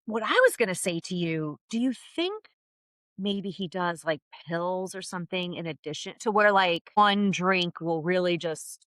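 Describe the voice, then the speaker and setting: A woman trades blunt, opinionated gossip in a casual podcast chat. Her voice is bright and forceful. It is recorded close and dry, with no room sound. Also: fairly low pitch, unhurried, dry recording. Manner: blunt, opinionated, animated storytelling. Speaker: podcast co-host.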